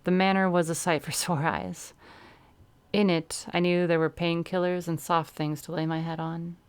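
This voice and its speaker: Female streamer narrating a first-person story; low, smooth, with casual asides. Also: level tone, normal speed. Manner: breaks off to laugh and comment. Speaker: streamer reading a story aloud.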